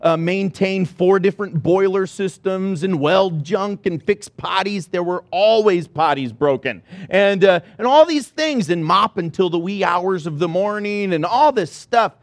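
A male pastor preaching a sermon, telling a story with animated, rising excitement. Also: sits high, measured pace, hardly any pauses, no room sound.

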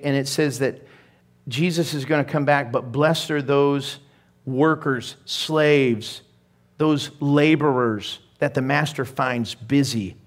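A middle-aged male pastor preaching a sermon in a conversational way, with laughing asides and growing emphasis. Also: on the high side.

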